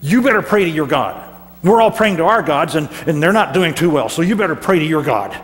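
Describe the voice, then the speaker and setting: A man voicing an alarmed ship captain who barks urgent orders in a bossy shout, recorded in a church hall. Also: extremely high pitch, very animated, normal speed, voice pushed up, full character voice. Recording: church hall reverb with faint hum.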